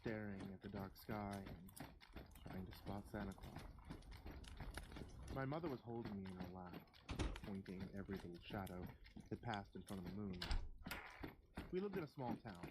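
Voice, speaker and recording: A storyteller narrating a spooky first-person Christmas story in a slow, measured, hushed way. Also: sits low, lively intonation, heavy background noise. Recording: loud keyboard typing behind.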